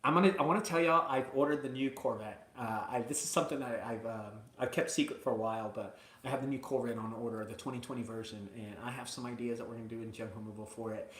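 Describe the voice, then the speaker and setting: Bright-voiced man rambling on a live stream. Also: medium pitch, steady tone, fast talker, hardly any pauses, echoey room. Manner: rambling and exclamatory, swinging between hype and emotion. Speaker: junk removal business owner hosting a live video. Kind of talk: casual live-stream chat to viewers. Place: indoors at his mother's house.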